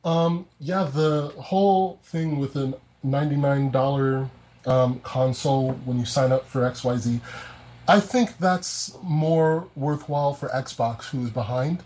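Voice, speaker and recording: A man co-hosting a casual gaming podcast, talking in a measured, explaining way. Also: medium pitch, darkish tone. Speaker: podcast co-host.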